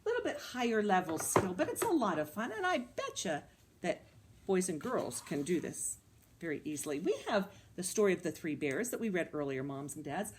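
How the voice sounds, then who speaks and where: A woman's voice: fairly low pitch, normal speed, slightly rough. A woman running a children's storytime in a library, reading aloud and asking the children questions. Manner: animated, coaxing, asks the kids questions. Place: library room.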